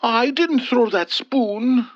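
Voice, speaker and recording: A man voicing a gentle, doting old husband who is stubborn, with a soft cooing manner. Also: very high voice, takes it slowly, no room sound, pitched above the performer's own voice, heavily acted. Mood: tender. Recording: dull dry lo-fi voice.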